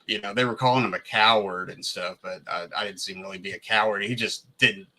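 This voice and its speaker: A man's voice: on the low side, steady tone, fast, pushed and bright, low-quality recording. A man from Kentucky in casual podcast chat about movies, rambling with fillers and restarts.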